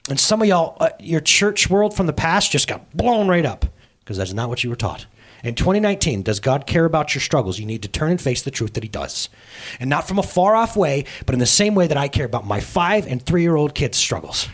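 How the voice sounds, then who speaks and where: A man in his thirties, a pastor, preaches a sermon by telling a story in a casual, animated manner. His pitch is fairly high and he speaks briskly.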